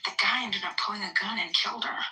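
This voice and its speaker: A woman on a phone line rambles along with lots of fillers, quick and bright-toned. The audio is echoey and she sounds far from the mic. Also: medium pitch. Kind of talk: casual chat.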